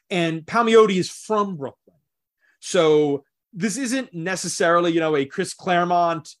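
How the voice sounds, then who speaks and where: Casting: man, slightly high voice, unhurried comics-podcast co-host, explains patiently. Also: a bit bright. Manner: slow, thoughtful, explanatory. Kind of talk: casual chat.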